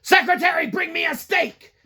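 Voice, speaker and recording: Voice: medium pitch, sing-song, moderate pace, vocal fry, background noise, pitched above the performer's own voice. A podcaster doing a comedic impression of a pompous male gaming executive who barks commands at his staff. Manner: grandiose, barking commands. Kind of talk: comedic reenactment.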